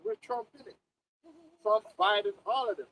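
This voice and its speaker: Preacher, male, animated chat host; very high, lively pitch. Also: moderate pace, a little hiss or hum, rough recording. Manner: animated, laughing, repeats words. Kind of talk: casual livestream chat.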